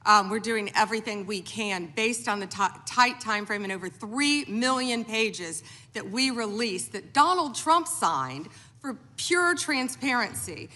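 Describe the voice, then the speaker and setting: A woman testifying as a witness at a congressional hearing, answering briskly and emphatically in a defensive tone. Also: on the high side, expressive, sharp tone, big-room sound. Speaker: attorney general testifying.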